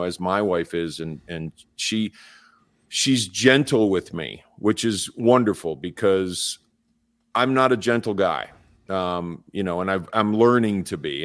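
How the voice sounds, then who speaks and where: A man hosting a podcast, talking reflectively and rambling with many restarts. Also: deep voice. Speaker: podcast host. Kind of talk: podcast conversation.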